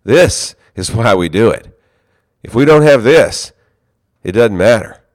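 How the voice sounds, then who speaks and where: A man's voice: medium pitch, animated, a little slow, no echo, clean studio sound, pitched above the performer's own voice, close to an everyday voice. A man voicing a devoted male handyman who speaks fervently about why he does his work. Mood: insistent. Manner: fervent, insistent.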